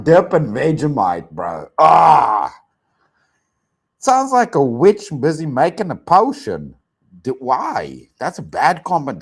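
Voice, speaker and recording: A South African man riffs through his reaction commentary, joking and chuckling as he goes. His pitch swings widely from line to line, and the banter stays loose and casual throughout. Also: breathy edge. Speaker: host.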